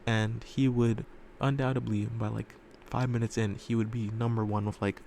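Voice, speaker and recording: A man's voice: lowish voice, flat delivery, moderate pace, vocal fry, darkish tone, a little hiss or hum. A man telling a fan story casually, rambling with lots of fillers and loose swearing, recorded in a room at home.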